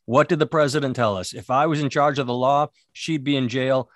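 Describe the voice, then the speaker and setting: A man voicing an aggrieved rural male activist in a deliberately bad Southern drawl. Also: mid-range voice, fairly even intonation, no room sound, lightly acted. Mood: indignant.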